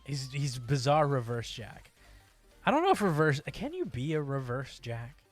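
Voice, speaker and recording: A man's voice: mid-range voice, huge pitch swings, moderate pace, soft background music. A man casually chatting while streaming a game, rambling and breaking into yelps and exclamations as things happen in play. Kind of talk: casual gameplay chat.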